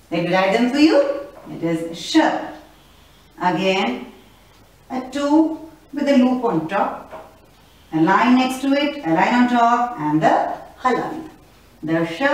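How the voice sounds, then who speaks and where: A woman teaching beginners, patiently spelling out letter strokes and sounds one by one. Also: mid-range voice. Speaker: Hindi teacher. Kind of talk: slow step-by-step lesson at a board. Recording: distant echoey room.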